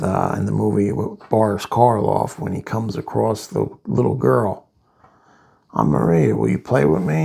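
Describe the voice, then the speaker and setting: A man casually reviewing a comic book, rambling through the plot with asides, in a gravelly voice. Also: fairly low pitch, a little mellow.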